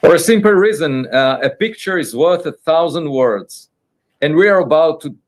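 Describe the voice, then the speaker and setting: A man being interviewed as a scientist, explaining measuredly with many filler pauses. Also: fairly high pitch.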